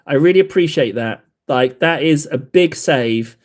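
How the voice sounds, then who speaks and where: A man's voice: a little high, expressive, a little slow. A man hosting a livestream, chatting while painting miniatures, self-mocking and rambling, a little out of breath. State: slightly out of breath. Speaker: livestream host. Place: hobby desk indoors.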